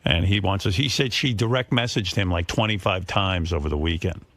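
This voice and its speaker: A man's voice: low-pitched, a little fast, fairly bright tone. A male radio host talking casually and teasing his callers. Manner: teasing, dry. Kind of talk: radio talk.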